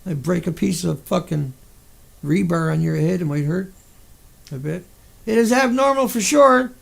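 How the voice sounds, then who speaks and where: A man ranting into his camera, indignant and sarcastic, swearing freely. His voice is high for a man and thick with a gravelly fry. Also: normal speed. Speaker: vlogger. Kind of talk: angry monologue rant.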